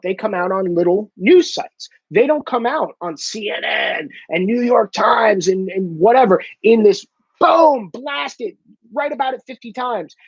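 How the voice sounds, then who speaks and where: A man delivering a sarcastic, profane comedic rant about the news, mocking people with quick impressions. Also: sits high, breathy edge, no echo, lo-fi sound. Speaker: commentator.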